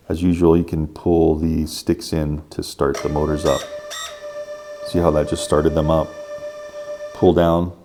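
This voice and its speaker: A man's voice: low voice, warm tone. A man casually talking viewers through a gadget review and setup, step by step with enthusiasm. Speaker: tech reviewer.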